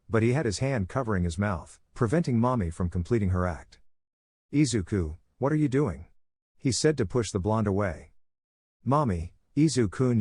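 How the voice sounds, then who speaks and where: A man narrating fan fiction in a plain, steady storytelling voice. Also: lowish voice, breathy edge, dry recording, clean studio sound. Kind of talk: reading fan fiction aloud.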